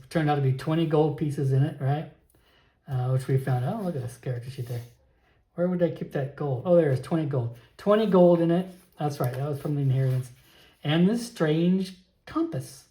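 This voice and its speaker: A man narrating a solo tabletop game, thinking aloud with frequent pauses and restarts. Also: fairly high pitch, mellow, echoey room.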